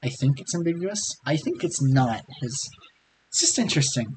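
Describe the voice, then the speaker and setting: A hoarse man casually reading fan fiction aloud and commenting, rambling and swearing freely. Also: mid-range voice, expressive, normal speed, a little mellow, a little hiss or hum, rough recording.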